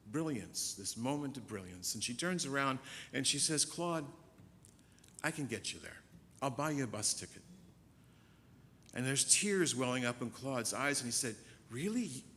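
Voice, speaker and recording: Bright-voiced male minister preaching in a reverberant church. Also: animated. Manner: storytelling, shifts from soft and slow to loud and fast. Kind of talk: sermon. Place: church sanctuary. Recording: church hall reverb, faint rumble.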